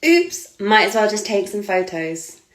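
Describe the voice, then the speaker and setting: A woman's voice: medium pitch, big pitch swings, measured pace. Woman mimicking a pushy, breezy male photographer. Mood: coaxing. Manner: coaxing, dismissive, falsely breezy. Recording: echoey room.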